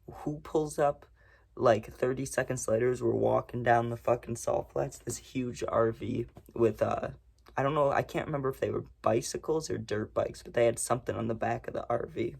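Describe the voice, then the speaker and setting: Gravelly young man telling a story. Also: medium pitch, fairly even intonation, normal speed. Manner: rambling, profane, laid-back storytelling. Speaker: storytime vlogger. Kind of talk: casual storytelling.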